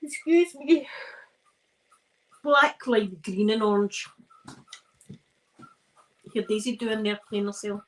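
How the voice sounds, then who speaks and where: A woman's voice: mid-range voice, slow pace, long pauses, fairly bright tone, low-quality recording. A tired Scottish woman chatting casually while ironing on a livestream, rambling and self-mocking between yawns. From Scotland. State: tired and yawning. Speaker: ASMR livestream host.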